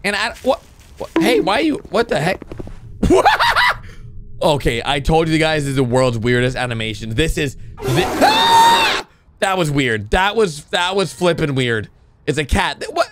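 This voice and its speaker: A man hosts a reaction video, commenting on animations with loud exclamations that quickly drop into low, muttered asides. There is noise in the background.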